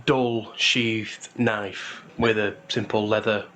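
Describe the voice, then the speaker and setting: A man, narrating a tabletop game as game master in a relaxed way. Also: on the low side, slow, slight background noise. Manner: relaxed, full of fillers and restarts, wry asides.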